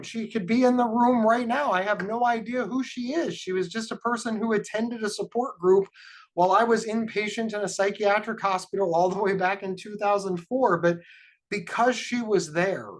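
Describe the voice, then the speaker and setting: Animated middle-aged man telling his story. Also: high voice. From Ohio, USA. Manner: animated storytelling with frequent repeated starts. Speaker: guest speaker, mental health advocate. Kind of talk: personal talk to an audience.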